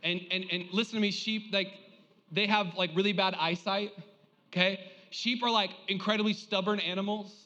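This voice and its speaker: A male pastor preaching a lively sermon, joking and calling on the congregation to respond. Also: high-pitched, moderate pace, in a large hall, muffled recording.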